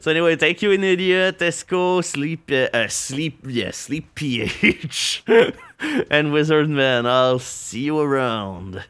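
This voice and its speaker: A man's voice: on the high side, lively intonation, takes it slowly, fairly bright tone, clear, resonant tone. A man hosting a party-game tournament on stream, chatting casually, laughing often and hamming up the game announcements.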